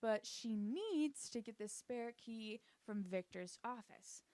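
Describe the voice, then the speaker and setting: A woman with a slightly high, animated and mellow voice recaps a TV show for her YouTube channel, recorded dry. She keeps it casual and sarcastic, swearing freely and slipping into brief character voices.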